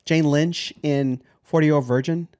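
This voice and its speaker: A man's voice: fairly high pitch, measured pace, clean tone. A man co-hosting a movie podcast, an easygoing storyteller who tells anecdotes in a casual chat. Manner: easygoing storyteller with lively impressions. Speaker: podcast co-host.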